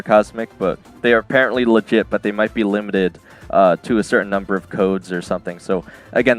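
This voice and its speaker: An American man chatting casually on a live stream, reading and answering chat by name and laughing often. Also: lowish voice. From United States.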